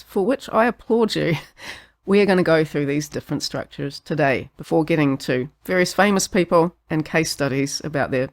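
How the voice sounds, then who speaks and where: A podcast host with a New Zealand accent giving a scripted philosophy monologue, sardonic and sweary, laughing at their own jokes. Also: mid-range voice.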